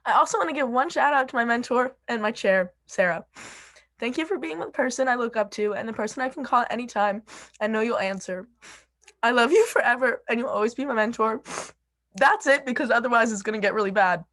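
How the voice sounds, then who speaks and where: A woman's voice: fairly high pitch, brisk, a bit bright. A young woman giving an emotional farewell speech on a video call, laughing nervously and fighting back tears. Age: young adult. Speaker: student representative.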